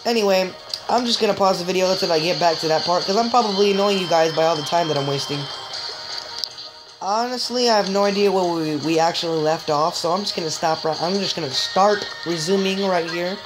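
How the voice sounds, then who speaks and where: A woman giving joking, excitable let's-play commentary, chatting straight to viewers and letting out sudden high yelps. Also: fairly quick, poor audio. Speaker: gamer. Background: game music.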